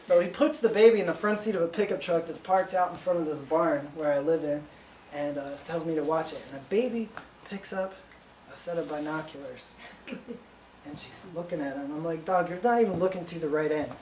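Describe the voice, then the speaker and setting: A sleep-deprived man telling a rambling stand-up story in a deadpan way, recorded live in a small venue from a distance. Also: fairly high pitch, moderate pace, a little hiss or hum. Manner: rambling, deadpan, breaks into laughter. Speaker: stand-up comedian. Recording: echoey room from far off.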